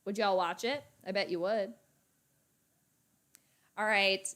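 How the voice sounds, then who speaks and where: A woman hosting a live football reaction stream, chatty and excitable, laughing often. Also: mid-range voice, slow pace, pauses often. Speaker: sports channel host.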